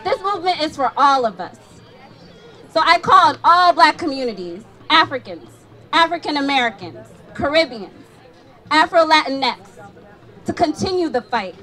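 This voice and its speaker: A woman's voice: high-pitched, animated, normal speed, fairly bright tone. A young woman giving an impassioned, rhythmic protest speech at an outdoor rally, calling the crowd to repeat after her. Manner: rhythmic, declamatory, calls for response. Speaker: rally speaker.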